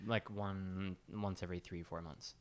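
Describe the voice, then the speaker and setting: A woman's voice: a bass voice, steady tone, unhurried. A woman from Wisconsin co-hosting a podcast, chatting casually and playfully, riffing and joking. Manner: playful, jokey, riffs and freestyles. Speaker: podcast co-host. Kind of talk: casual chat.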